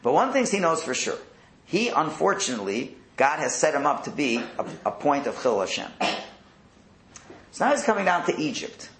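A man teaching a Torah class in an animated way, asking rhetorical questions and acting out quotes. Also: on the high side, moderate pace, a little hiss or hum. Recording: roomy echo.

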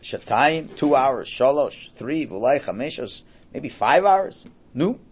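A man's voice: medium pitch, very animated, slow pace, slightly rough, highs cut off. A middle-aged man teaching a religious class. He translates a Hebrew text aloud in a conversational, jokey way, with many restarts.

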